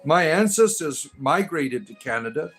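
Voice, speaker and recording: A man's voice: fairly high pitch, animated, a little slow, a bit bright, faint music behind. A man from Detroit hosting a casual livestream, reading viewer comments aloud and answering them in a rambling, hesitant way with many fillers and restarts. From Detroit, Michigan. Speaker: livestream host reading chat.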